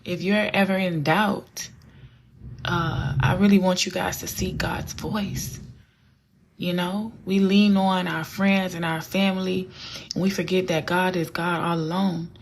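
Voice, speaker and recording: A woman's voice: on the low side, flat delivery, unhurried, slight background noise. A woman vlogger giving a casual, earnest faith talk that often repeats her points and turns preachy.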